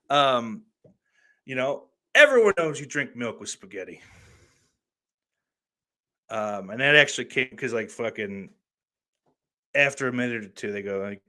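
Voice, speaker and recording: A young man hosting a podcast, telling a story in a rambling, casual way, swearing often, with lots of fillers and sudden loud bursts. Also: medium pitch, expressive, normal speed, no room sound. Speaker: podcast host.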